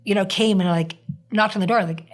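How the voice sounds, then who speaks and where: A woman hosts a casual podcast conversation in a mid-range voice. She tells her story in a lively, animated way, slipping into the voices of the people she quotes. Her delivery is chatty and natural. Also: mid-range voice, a little fast. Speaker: podcast host.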